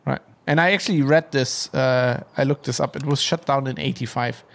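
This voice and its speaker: A man co-hosting a podcast, chatting casually outdoors, rambling and halting with many fillers and restarts. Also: medium pitch, gravelly, fairly bright tone. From Germany. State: out of breath. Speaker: podcast co-host. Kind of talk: casual chat. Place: outdoors at an industrial park.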